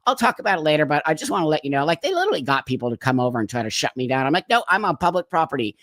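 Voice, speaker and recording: A man's voice: fairly high pitch, sing-song, racing, a bit bright, no room sound. Man giving blunt, emphatic commentary. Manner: emphatic, repeats words when heated. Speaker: channel host. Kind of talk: opinionated commentary monologue. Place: Los Angeles.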